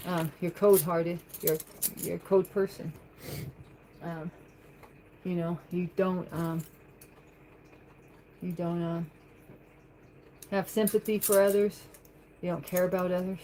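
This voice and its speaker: A woman's voice: lowish voice, warm tone, slight background noise, rough recording. Chatty woman livestreaming from home. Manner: chatty, rambling, reads comments aloud and answers them. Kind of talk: casual livestream chat, answering viewer comments. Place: home, at the kitchen sink.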